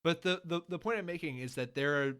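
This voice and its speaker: Bright-voiced man, emphatic podcast co-host. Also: on the high side, fast, clean tone. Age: adult, married. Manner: long-winded, laying out rules with emphasis. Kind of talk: casual chat.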